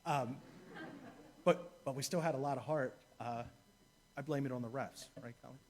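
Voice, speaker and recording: A man's voice: medium pitch, moderate pace, noisy background. A man, a deacon, preaching a sermon in a church, telling a story and repeating key phrases for emphasis.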